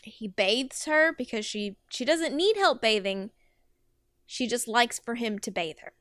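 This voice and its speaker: A woman's voice: fairly high pitch, a little slow, a bit bright, no echo, clean studio sound. A woman podcast host telling a rambling comic story with lots of fillers. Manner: rambling, filler-heavy, giggly.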